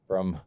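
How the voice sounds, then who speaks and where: A man's voice: fairly bright tone, no echo. A man co-hosting a casual podcast, bantering playfully with jokes. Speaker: podcast co-host. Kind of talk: casual chat.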